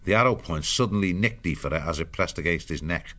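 A man narrating an animal adventure audiobook in a measured storytelling way. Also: low-pitched, sharp tone.

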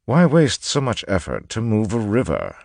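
A man's voice: fairly low pitch, wildly swooping pitch, moderate pace, creaky, a little mellow, no room sound, pitched above the performer's own voice, full character voice. A man voicing an urbane nobleman with a drawling, patronizing manner.

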